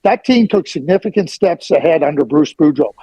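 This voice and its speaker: A man's voice: a little high, expressive, fairly quick, mellow, husky, no echo, poor audio. A middle-aged man giving blunt, emphatic hockey opinions as a guest on a sports radio interview.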